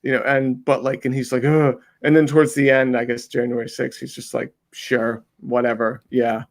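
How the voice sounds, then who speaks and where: A man with a gravelly, creaky voice talks as a guest on a casual interview show. He rambles and restarts often, acting out the people he is describing. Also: medium pitch, level tone, fast talker. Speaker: interview guest, undercover video maker.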